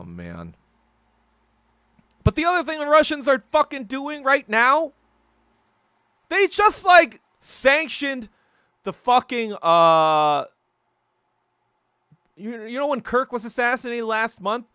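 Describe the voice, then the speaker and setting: A man hosting his own fireside-chat podcast, swearing freely as he rants. His pitch leaps high and drops low as he talks, and he often trails off into fillers before restarting. The sound is dry and close, with no room echo. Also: pushed and bright. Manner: profane ranting, heavy swearing. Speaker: podcast host. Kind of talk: casual solo fireside chat.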